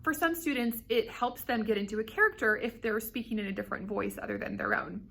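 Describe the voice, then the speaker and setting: A woman's voice: a little high, fast talker, gravelly, fairly bright tone, husky. A woman directing a school play, upbeat and explanatory in a behind-the-scenes interview.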